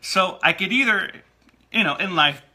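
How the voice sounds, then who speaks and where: A man's voice: high voice, animated, moderate pace, pushed and bright. A man co-hosting a casual talk show about marriage, self-deprecating and laughing often. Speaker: co-host and producer. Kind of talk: casual chat.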